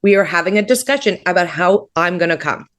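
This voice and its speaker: A woman's voice: fairly low pitch, expressive, quick pace, fairly bright tone. A woman comedian from Canada in casual comedic chat, candid and laughing, with lots of fillers. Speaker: comedian guest.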